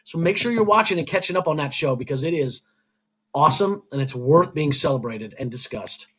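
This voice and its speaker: A man's voice: fairly high pitch, lively intonation, a little fast, fairly bright tone, slightly rough. A man co-hosting a podcast, teasing dryly and talking up what comes next. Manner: dry teasing, upbeat promo talk. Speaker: podcast co-host. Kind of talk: casual podcast banter.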